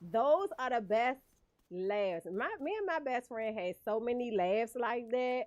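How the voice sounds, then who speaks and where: A woman's voice: fairly high pitch, lively intonation, a little slow, a little mellow, no room sound, muffled recording. A woman streaming a game, chatting casually with viewers and laughing often. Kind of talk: casual livestream chat while gaming.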